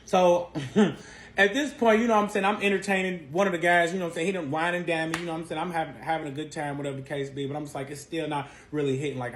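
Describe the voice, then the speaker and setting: High-voiced man telling a wild story. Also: a little hiss or hum. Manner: animated, profane, dramatic swings in pitch and volume. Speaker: storyteller recounting a breakup saga. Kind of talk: casual storytime monologue.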